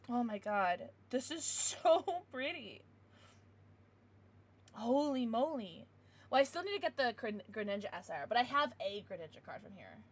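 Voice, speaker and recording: A young woman streaming live, chatting casually as she opens trading cards, excitable and giggly with bursts of squealing. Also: fairly high pitch. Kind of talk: casual livestream chat while opening cards.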